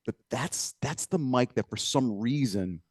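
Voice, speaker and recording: Animated man, lively swooping pitch. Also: measured pace, no echo, studio quality. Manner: animated, slangy, peppered with dude and bro. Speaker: guest singer. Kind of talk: casual podcast chat.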